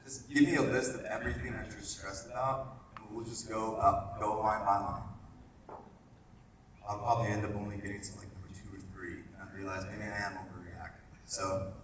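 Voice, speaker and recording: A young man speaks as the groom at a wedding reception. His voice is earnest and emotional, sitting a little low, and he talks through plenty of fillers. The sound is distant, with heavy room echo and noticeable background noise. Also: flat delivery, a little fast. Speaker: groom giving a wedding speech. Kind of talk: heartfelt wedding reception speech. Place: large wedding reception hall. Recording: echoey hall from far off, noisy.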